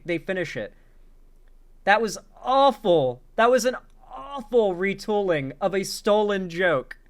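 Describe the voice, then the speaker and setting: A man's voice: high voice, fairly bright tone. A man reacting to comedy clips as a commentary host, talking bluntly and profanely with frequent incredulous outbursts.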